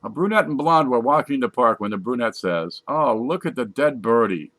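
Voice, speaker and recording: Lively man reading jokes off a page. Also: a little fast. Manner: reads jokes aloud from a page, lively, putting on squeaky voices for punchlines. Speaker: joke reader. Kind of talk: casual joke reading.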